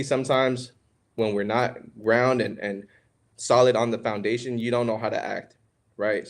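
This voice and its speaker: A young man of middle pitch talks through a religious lesson on marriage like a casual podcast chat. He keeps calling listeners "man" and "bro" and asks a lot of rhetorical questions. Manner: conversational, preachy, calls listeners "man" and "bro". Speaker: podcast co-host. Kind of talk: casual religious teaching talk.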